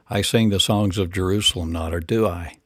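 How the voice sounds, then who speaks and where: Low-voiced guy chanting out spiritual declarations, slow and repetitive, dry close sound. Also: no room sound. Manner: incantatory, repetitive declarations and rhetorical questions. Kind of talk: rambling spiritual monologue.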